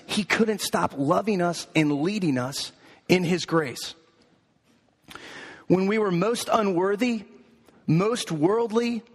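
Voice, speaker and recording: A man preaching a sermon as pastor, building emphatic, repeated lines in a rhythmic cadence. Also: high voice. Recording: echoey hall.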